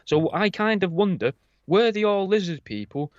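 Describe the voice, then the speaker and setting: A man's voice: high-pitched, animated, moderate pace, no echo. A man co-hosting a podcast, retelling a story with amused chuckles. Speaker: podcast co-host. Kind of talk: casual storytelling chat. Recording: slightly dull lo-fi sound.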